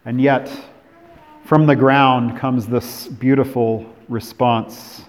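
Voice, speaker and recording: A man from California preaching a sermon as pastor, moving between emphatic declarations and hushed, drawn-out phrases. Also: medium pitch, fairly even intonation. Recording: long hall reverb.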